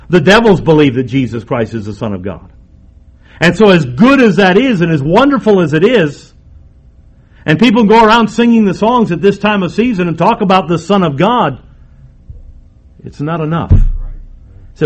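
A man preaching a sermon, emphatic, moving between raised and hushed delivery. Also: on the high side, animated, normal speed, pauses often.

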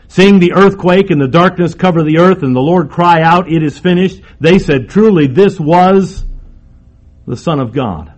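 A man preaching a sermon, emphatic, moving between raised and hushed delivery. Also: fairly high pitch, slightly rough.

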